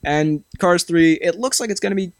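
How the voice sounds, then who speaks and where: A man's voice: sits high, normal speed, dry recording. A young man hosting a podcast, chatting casually, laughing often and restarting sentences. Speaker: podcast host. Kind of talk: casual chat.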